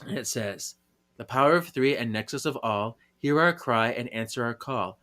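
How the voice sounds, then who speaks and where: A man co-hosting a podcast, recapping a story in casual chat, giggling often and acting out the characters' lines in quick high voices. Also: animated, fairly bright tone. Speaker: podcast co-host.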